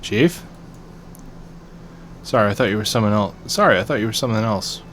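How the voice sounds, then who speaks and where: A man's voice: lowish voice, lively intonation, a little fast, a bit bright, a little hiss or hum. A man voicing a jumpy, nervous man who stumbles over his words. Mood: flustered. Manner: nervous, flustered. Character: jumpy, flustered man late to work.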